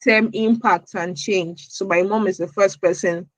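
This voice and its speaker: A woman's voice: mid-range voice, steady tone, a little slow, dry recording, low-quality recording. Woman from Nigeria, podcast guest, earnest, repeats words mid-thought, dry close sound. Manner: earnest, repeats words as she searches for phrasing. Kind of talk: interview answers.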